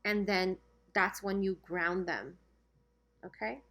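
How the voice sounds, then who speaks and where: A woman in the middle of a relaxed tarot reading, talking straight to her viewers at a middle pitch. She keeps checking in with them as she goes, and her voice sounds a little strained and worn. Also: takes it slowly. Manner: chatty, keeps checking in with "okay?". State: losing her voice. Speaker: tarot reader. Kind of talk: casual spiritual reading to camera.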